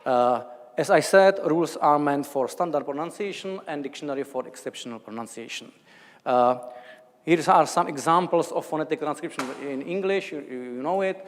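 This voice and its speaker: A man's voice: on the high side, normal speed. Czech guy lecturing in a big hall, lots of uh's and restarts, long echo. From Czech Republic. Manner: hesitant, many fillers and restarts. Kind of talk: academic lecture.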